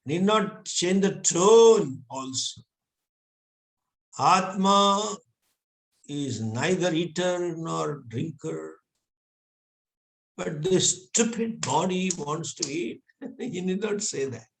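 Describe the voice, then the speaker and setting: Slow, chuckling man teaching scripture. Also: fairly high pitch, animated, gravelly. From India. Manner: chuckles often, explains slowly and patiently. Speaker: Vedanta teacher. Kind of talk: scripture lecture.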